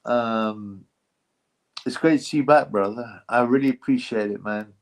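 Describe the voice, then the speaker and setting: A middle-aged man hosting a live stream, talking casually. He rambles, swears freely and fills his sentences with "you know" and "um". His voice sits at an ordinary middle pitch. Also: measured pace. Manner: rambling, slangy, swears freely, lots of fillers. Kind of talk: casual live-stream chat reading donations.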